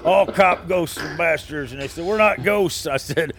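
A man's voice: on the high side, moderate pace, a crowd in the background, lightly acted. A man voicing a boastful old cowboy rock star with a put-on Southern drawl, telling rambling tall tales about hunting ghosts. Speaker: comedy guest character.

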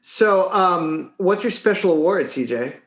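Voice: mid-range voice, animated, measured pace. A podcast co-host in casual chat, gushing with enthusiasm and repeating words. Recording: echoey room.

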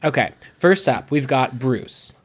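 A man's voice: mid-range voice, lively intonation, measured pace, breathy edge. A man co-hosting a podcast in casual recap chat, wry and teasing. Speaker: podcast co-host.

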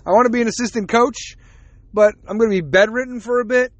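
Talking fast in a very high-pitched, fairly bright voice, a podcast host who has a child rambles through a casual solo episode, swearing often and poking fun at himself. The audio is dull with no echo.

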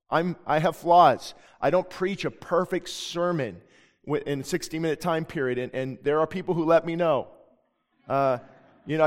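A man preaching as a pastor, earnest and emphatic, often restarting his sentences. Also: on the high side. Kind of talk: sermon. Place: church sanctuary. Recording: long reverb of a church hall.

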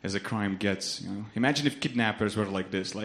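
A young man from Lithuania with a Lithuanian accent performing a stand-up comedy set on a club stage, deadpan and laughing at his own punchlines. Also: on the low side, a little fast.

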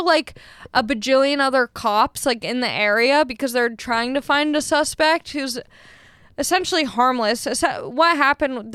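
A young adult woman casually telling a story, lively and swearing freely as she acts out the people she quotes. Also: a little high, clear, resonant tone, no room sound, studio quality.

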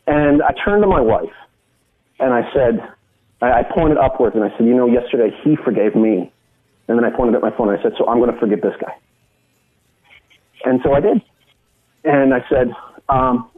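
A middle-aged man with a husky, breathy voice tells a personal story, earnest and full of little restarts. His voice comes through narrow and tinny, like it is carried over a phone line. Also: mid-range voice, fairly quick, pauses often. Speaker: guest. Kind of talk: personal testimony in a conversation.

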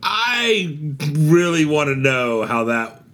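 A man's voice: a little high, very animated, slow pace, a bit bright. A man co-hosting a podcast in casual banter, argumentative and mocking, swearing freely. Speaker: podcast co-host.

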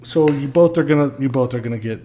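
A man, a podcast guest, telling a story in a casual, lively way, acting out what people said with swearing and laughs. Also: medium pitch, quick pace, slight background noise. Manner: animated, acts out quoted lines with swearing and laughs.

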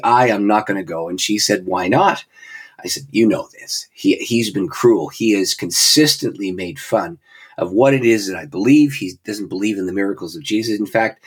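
A man's voice: fairly low pitch, slightly rough. An older male pastor telling a personal story, acting out the dialogue and laughing at his own lines. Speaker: pastor and guest speaker.

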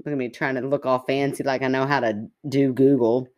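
A woman's voice: a bass voice, steady tone, fairly quick, a little mellow. A woman co-hosting a casual podcast chat, laughing often and making fun of herself. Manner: self-deprecating, laughs often. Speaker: podcast co-host.

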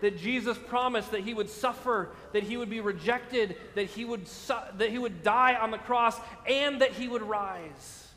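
High-voiced preaching man in a reverberant hall. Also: sharp tone. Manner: emphatic preaching with slow stressed phrases and frequent "right?". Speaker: pastor. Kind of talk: sermon.

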